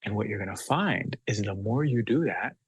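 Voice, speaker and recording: A man's voice: on the low side, animated, moderate pace, breathy edge, dry recording, poor audio. A man speaking as a guest doctor on a podcast, talking with passion and force, now and then acting out children's voices. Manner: emphatic, acts out children's voices.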